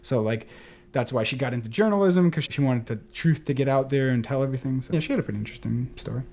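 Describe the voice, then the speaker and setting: A man's voice: medium pitch, quick pace, darkish tone, a little hiss or hum. A man chatting casually on a gaming podcast, telling a story with lots of fillers and restarts. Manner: rambling, many fillers. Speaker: podcast panelist. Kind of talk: casual chat.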